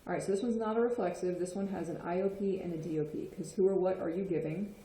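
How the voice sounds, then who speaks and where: Teacher type: woman, low-ish mellow voice, patient explainer, roomy echo. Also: steady tone, fast. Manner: patient, checks in with frequent "okay?". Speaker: Spanish teacher. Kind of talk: explanatory lesson. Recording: echoey room.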